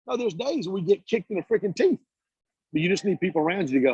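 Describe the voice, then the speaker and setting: A man giving an energetic, preachy motivational talk on a video call, casual and blunt as he tells stories. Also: high-pitched, fast talker, slightly rough, no echo. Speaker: guest speaker, business coach. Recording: dull lo-fi call audio.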